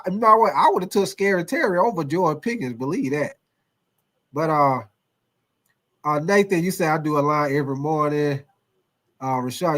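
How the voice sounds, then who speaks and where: Man, sports livestream host, casual chat, reads comments aloud, repetitive, swears freely, slightly high-pitched. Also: a bit bright. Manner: loose, repetitive, swears and laughs often.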